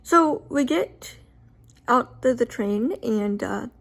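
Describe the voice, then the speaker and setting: This is a woman recounting a story from her own life in casual vlog style. Her voice sits somewhat high. She talks loosely with plenty of fillers and acts out her own reactions as she goes. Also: animated, slow, creaky. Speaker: vlogger telling a personal story.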